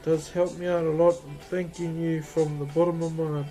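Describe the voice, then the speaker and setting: A man's voice: a little high, level tone, fairly quick, mellow, soft background music. A man chatting casually on a live stream while woodcarving, laughing often and greeting viewers. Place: carving workshop.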